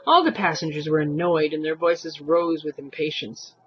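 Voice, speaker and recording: A man's voice: on the high side, normal speed, muffled recording, slight background noise. A man reading a young adult novel aloud, narrating expressively. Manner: expressive reading, voicing thoughts and characters. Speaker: audiobook reader. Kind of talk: storybook narration.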